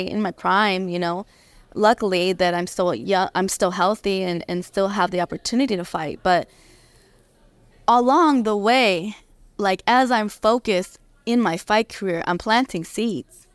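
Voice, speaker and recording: Woman in her thirties, interview guest, smooth clear voice, dry close sound, earnest and reflective. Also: medium pitch, dry recording. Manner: earnest, reflective, many restarts. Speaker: guest, professional fighter. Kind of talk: conversational interview. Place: convention interview.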